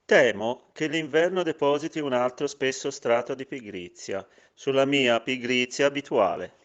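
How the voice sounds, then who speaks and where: A man voicing a lazy adult male cartoon duck who complains slowly and sluggishly, recorded with dull lo-fi sound. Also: medium pitch, natural voice. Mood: glum.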